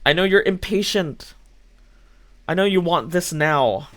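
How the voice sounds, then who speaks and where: A man's voice: high voice, unhurried, fairly bright tone. Blunt, scolding male streamer. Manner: blunt, scolding, swears freely. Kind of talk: live-stream talk to chat.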